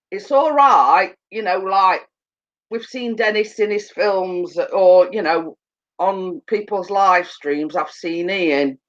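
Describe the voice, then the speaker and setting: A woman chatting casually with viewers on a live stream, telling funny stories and laughing often. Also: medium pitch. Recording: dull lo-fi sound.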